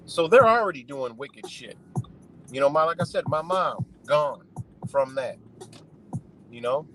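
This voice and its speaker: A man's voice: a little high, animated, a little slow, background noise. A man ranting casually and profanely from his car on a live stream, rambling and saying "you know" over and over. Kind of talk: casual rant. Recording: clear music under the voice.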